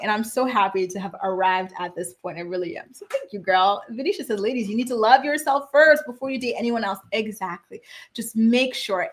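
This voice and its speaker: A young woman hosting a pop culture gossip show, chatting casually and reading viewer comments with sassy, animated reactions. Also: on the high side. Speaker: host.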